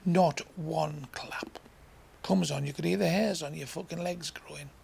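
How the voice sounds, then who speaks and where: A man's voice: on the high side, fairly quick, a little mellow. A man from England doing crude, swearing stand-up storytelling, acting out voices and sounds along the way. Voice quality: gravelly. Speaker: stand-up comedian.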